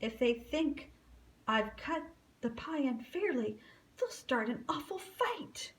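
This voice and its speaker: A woman's voice: sits high, expressive, slow, a little hiss or hum, pitched above the performer's own voice. A woman doing a timid young alligator girl. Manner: timid, sighing.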